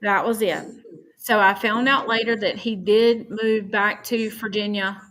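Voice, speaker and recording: Here the woman is unhurried, her mid-range voice fairly bright and her intonation fairly even as she earnestly shares a personal story on a podcast, quoting others at length. Faint background noise runs under the low-quality recording.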